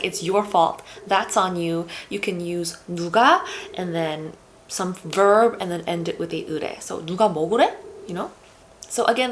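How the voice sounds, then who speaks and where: A woman's voice: mid-range voice, a little hiss or hum. A woman teaching a Korean lesson in a casual, chatty way, using fillers like "you know" and "like".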